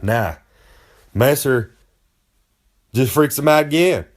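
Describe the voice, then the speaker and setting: A man's voice: mid-range voice, lively intonation, slow. Brash man bragging in third person. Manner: brags and talks about himself in the third person; folksy rambling drawl. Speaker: wrestler giving comic advice. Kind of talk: comedic boastful monologue.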